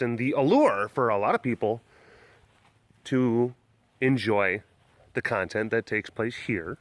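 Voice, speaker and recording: A man vlogging from an outdoor animal compound in the country, casually chatting and cooing at the cats in a high, playful voice. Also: no room sound. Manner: coos at the cats in a high, playful voice and laughs often. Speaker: big cat keeper and vlogger. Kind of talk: casual vlog.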